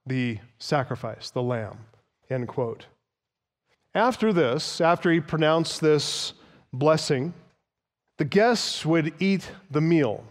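A man's voice: a little high, animated, takes it slowly, in a large hall. A man preaching an expository sermon, emphatic, explaining Greek words and quoting older writers. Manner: emphatic, explains Greek terms and cites sources. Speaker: pastor.

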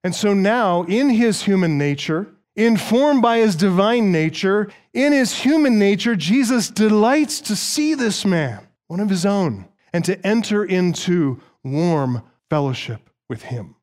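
A man's voice: sits high, very animated, measured pace, a little mellow. A man preaching an expository sermon, earnest and emphatic, with occasional dry asides to the congregation. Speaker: pastor.

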